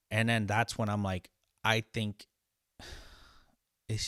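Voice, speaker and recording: A man's voice: lowish voice, measured pace, pauses often, fairly bright tone, smooth, no room sound, studio quality. A young man, a line cook, telling a frustrated, profane story about work in a casual, rambling way, full of restarts and acted-out exchanges. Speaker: podcast host, line cook.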